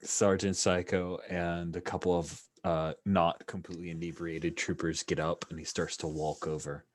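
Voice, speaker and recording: Low-voiced man narrating as game master. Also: moderate pace, no room sound. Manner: relaxed, drops to a soft near-whisper at times.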